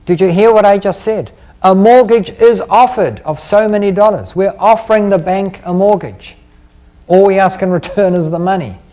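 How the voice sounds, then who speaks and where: A middle-aged man with a fairly high voice addresses a live seminar audience. He talks boldly and persuasively, firing rhetorical questions at the room. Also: moderate pace, mellow. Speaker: seminar speaker on property investing.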